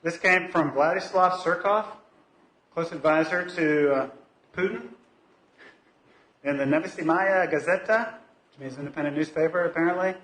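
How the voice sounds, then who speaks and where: A man's voice: on the high side, normal speed, long pauses, fairly bright tone. Hesitant, chatty man in an echoey church. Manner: conversational, hesitant, many fillers and restarts. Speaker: lay speaker at a church service. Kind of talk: informal talk from the pulpit. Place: church sanctuary.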